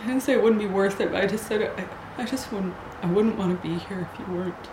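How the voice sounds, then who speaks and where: A woman telling a personal story in a hesitant, halting way, often restarting her sentences. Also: mid-range voice. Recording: echoey room with noise.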